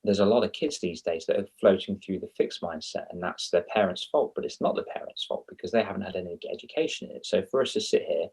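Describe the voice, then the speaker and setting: Male guest, kids' confidence coach, husky and lowish, rambling and animated in casual chat. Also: fast, hardly any pauses. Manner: animated and rambling, with self-mocking asides.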